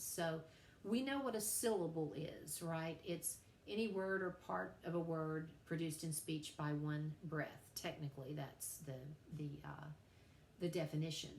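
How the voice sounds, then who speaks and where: A woman's voice: sits low, moderate pace, darkish tone. A middle-aged woman teacher giving a friendly, playful recorded lecture to her class. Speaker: writing teacher. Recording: roomy sound with faint background hum.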